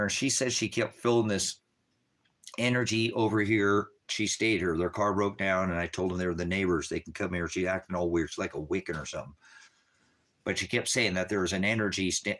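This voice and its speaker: Rambling, profane man with a lowish voice. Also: fairly bright tone. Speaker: ministry leader. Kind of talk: casual livestream talk.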